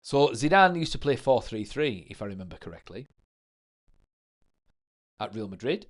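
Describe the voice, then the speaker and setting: A man's voice: mid-range voice, very animated, normal speed. A man hosting a late-night football livestream in a casual tone, reading out notes and viewer comments and adding chatty asides. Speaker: livestream host.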